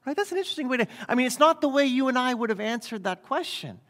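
A man's voice: very high voice, lively intonation, quick pace, a bit bright. A man preaching a sermon in a church in a conversational way, often checking in with the congregation by asking "right?". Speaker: pastor. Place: church sanctuary. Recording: long hall reverb.

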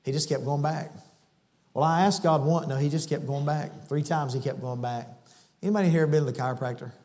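A man preaching a sermon in a church, shifting between folksy storytelling and loud, high-pitched exhortation. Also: fairly even intonation, fairly quick. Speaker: guest preacher. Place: church sanctuary. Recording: church hall reverb.

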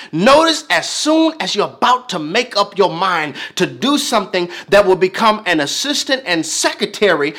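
A man's voice: sits high, sharp tone. A man preaching a sermon, emphatic and repetitive, building phrases up in waves.

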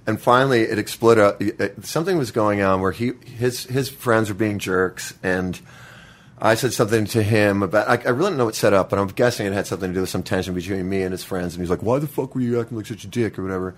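A man telling a childhood story in a casual chat, halting and restarting often and swearing freely. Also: lowish voice, fairly even intonation. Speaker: guest.

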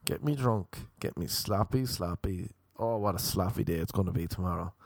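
Irish male podcast host, young adult, lowish voice, dry close sound; sardonic, sweary ranting delivery. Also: moderate pace, vocal fry, no room sound. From Ireland. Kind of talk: casual comedic monologue.

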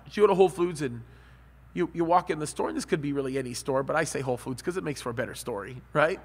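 A man preaching a sermon, telling lively stories and asking his listeners questions. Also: fairly high pitch, quick pace, breathy edge, big-room sound. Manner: animated storytelling, asks the crowd.

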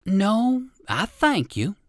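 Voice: mid-range voice, big pitch swings, extremely slow, no echo, clean studio sound, pitched above the performer's own voice. Uncle Wiggily, a narrator voicing a kind old rabbit. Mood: gentle.

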